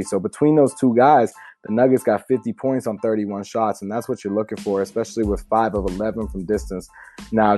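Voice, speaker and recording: A man's voice: on the low side, a little mellow. A man hosting a solo sports podcast in a casual, emphatic way, reading an ad and breaking down a game. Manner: casual, emphatic, swears freely. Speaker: podcast host.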